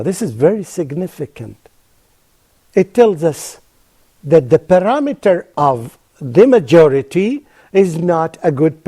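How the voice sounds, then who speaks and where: A man presenting a religious lesson on television, emphatic and repetitive for stress, slowing down to pronounce Arabic terms carefully. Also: on the high side, mellow. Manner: emphatic, repeats phrases for stress. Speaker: TV presenter teaching Quran reflections. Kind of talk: religious lecture.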